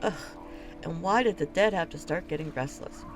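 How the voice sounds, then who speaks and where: A woman's voice: on the low side, normal speed, over music, lightly acted. A woman reading the part of a weary, blunt male gate captain in a fantasy video game, speaking in a curt and dismissive way. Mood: grim.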